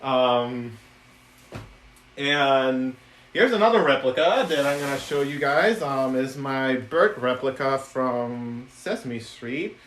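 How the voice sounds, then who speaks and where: A man's voice: medium pitch, animated, takes it slowly, a bit bright, slight background noise. A man chatting casually on a live stream about puppets he made, giggly, with lots of ums and restarts. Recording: echoey room.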